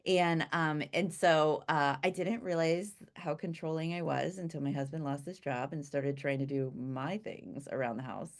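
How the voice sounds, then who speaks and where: A woman's voice: low-pitched, steady tone, moderate pace, few pauses. A woman introducing a guest in a heartfelt, casual way. She talks with many fillers and restarts, laughs often, and acts out the voices of people she quotes. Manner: chatty and warm-hearted, with frequent fillers and self-corrections.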